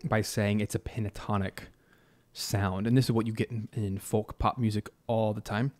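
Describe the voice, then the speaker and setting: Low, mellow-voiced man thinking aloud. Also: little pitch movement, moderate pace. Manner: thinks aloud, hums and scats melody ideas. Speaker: composer hosting a live stream. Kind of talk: casual live-stream commentary on composing.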